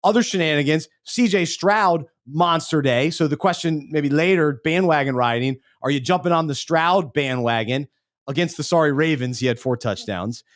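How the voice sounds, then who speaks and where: A man co-hosting a podcast, speaking in a slightly higher register. He talks in a loose, rambling way, stumbles over words and trails off low at the ends of his thoughts. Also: normal speed. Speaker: podcast co-host. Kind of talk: casual podcast chat.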